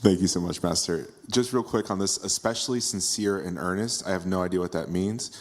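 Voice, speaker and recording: A man asking his teacher a question, halting and hesitant. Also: sits low. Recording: long hall reverb, off-mic.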